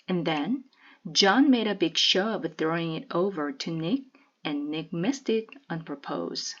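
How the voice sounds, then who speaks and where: A woman reading a children's novel aloud in a measured, expressive way. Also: on the low side, muffled recording.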